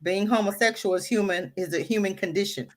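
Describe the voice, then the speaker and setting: A woman's voice: medium pitch, brisk, slight background noise. Indignant woman commenting on a talk show. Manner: animated, indignant, emphatic. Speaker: co-host of an online talk radio show. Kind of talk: casual opinion talk, commenting on a played clip.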